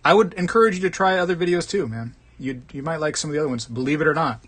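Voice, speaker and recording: A man's voice: a little high, racing, a bit bright. Chatty man hosting a live stream. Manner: chatty and joking, says "man" often. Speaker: host of a live coin collecting stream. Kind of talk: casual live-stream chat, reading viewer comments.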